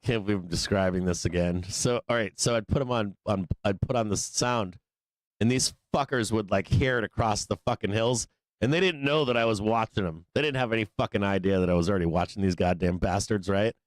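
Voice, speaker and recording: A man's voice: lowish voice, a little fast, no room sound. Profane rambling man in a dry studio. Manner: profane, rambling, laughs often, acts out voices. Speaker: live trading show host. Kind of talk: casual storytelling between market commentary. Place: studio office.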